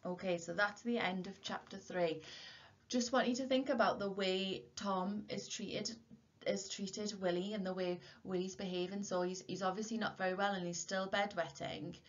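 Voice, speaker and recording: A woman's voice: medium pitch, normal speed. Woman teacher reading aloud. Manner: steady, expressive storytelling. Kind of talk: reading a novel aloud to a class. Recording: dull lo-fi recording.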